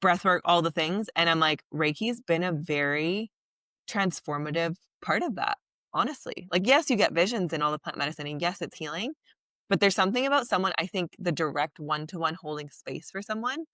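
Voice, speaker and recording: A woman's voice: fairly low pitch, lively intonation, brisk, a bit bright, no echo, studio quality. A woman hosting a podcast, talking in an earnest, reflective and rambling way with lots of fillers. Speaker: podcast host. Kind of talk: casual conversation.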